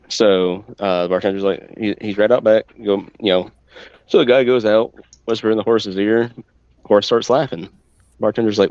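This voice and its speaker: A man's voice: fairly low pitch, steady tone, normal speed, pauses often, a little mellow, clear, resonant tone, no echo, highs cut off. A man chatting loosely on a podcast, rambling and swearing as he tells crude jokes. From western Pennsylvania. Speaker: podcast co-host. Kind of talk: casual chat, telling crude jokes.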